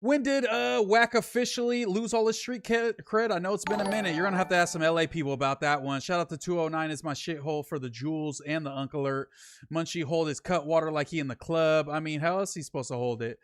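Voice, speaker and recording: A young man from Northern California hosts a relaxed livestream and reads viewer messages out loud, answering each one in easy slang. His voice sits a bit high for a man. The sound is dry and close, with no room around it. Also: fast talker, clear, resonant tone, no room sound. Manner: loose, slangy, reads super chats aloud and answers them. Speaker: streamer reading chat. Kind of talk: casual livestream chat.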